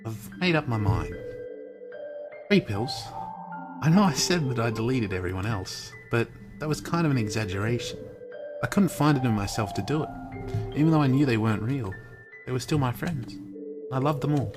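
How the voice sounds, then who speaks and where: A man voicing a heartbroken, obsessive teenage club president girl in a put-on British accent, pleading and halting in a live dramatic reading of a visual novel. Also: medium pitch, animated, music in the background, lightly acted. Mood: resigned.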